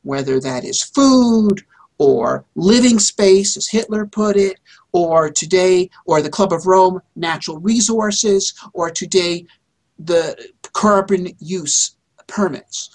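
A man's voice: sits high, slow pace, a little mellow. A man speaks as a guest author in an interview. His delivery is emphatic and insistent. He often repeats words and restarts his sentences mid-thought. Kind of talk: interview answers.

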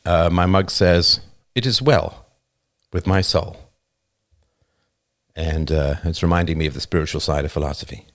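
On his livestream, a man with a low but fairly bright voice speaks at a moderate pace, pausing often. Using a new studio microphone, he delivers an emphatic, casual monologue, repeatedly adding "right?" to his points.

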